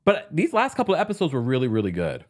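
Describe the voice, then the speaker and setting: Man, casual chat host, lively swooping pitch, laughs a lot, New York native. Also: quick pace. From New York City. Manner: animated and chatty, laughing often. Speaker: host of a reality TV recap show. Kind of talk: casual livestream chat, reading viewer comments.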